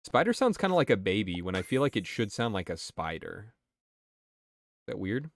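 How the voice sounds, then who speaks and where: A man's voice: on the low side, big pitch swings, normal speed, gravelly, no room sound. A man streaming a game, talking casually and swearing while he answers his chat. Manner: chatty and profane, answering chat. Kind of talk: casual gameplay commentary.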